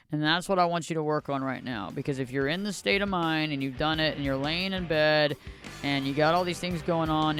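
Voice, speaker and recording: A man's voice: fairly high pitch, a bit bright, smooth, no echo, clean studio sound. A man hosting his own motivational podcast, talking alone in a preachy way and repeating phrases in long lists. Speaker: podcast host. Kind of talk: motivational solo podcast talk.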